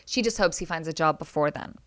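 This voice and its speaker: A woman's voice: sits low, quick pace. Chatty young woman recapping reality TV. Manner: chatty, opinionated, addresses listeners as guys. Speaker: podcast host. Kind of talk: solo reality TV recap podcast.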